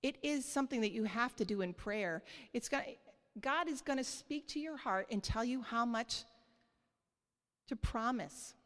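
Woman, church sermon, earnest, light laughs, higher-pitched, reverberant sanctuary. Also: lively intonation, moderate pace. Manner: earnest, with frequent light laughs and check-ins to the audience. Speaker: church speaker. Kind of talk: sermon on giving. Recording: long hall reverb.

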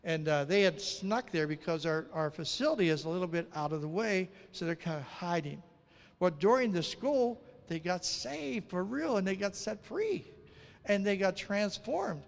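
A man telling a lively testimony as a missionary preacher, acting out the dialogue of his story. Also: high voice, moderate pace, gravelly, long reverb tail.

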